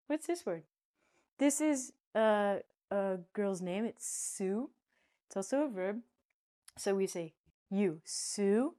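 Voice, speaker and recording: A woman teaching an English pronunciation lesson in a playful, chatty way, now loud, now soft. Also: mid-range voice. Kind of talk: casual spoken lesson.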